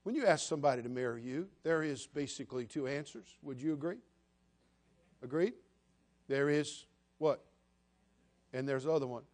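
A man's voice: mid-range voice, normal speed, long pauses, darkish tone. A man in his sixties from the United States, preaching a sermon in a folksy, humorous storytelling way. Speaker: pastor.

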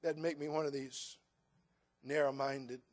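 A middle-aged male pastor preaching a sermon, moving from folksy storytelling to loud, emphatic preaching. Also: mid-range voice, level tone, a little slow.

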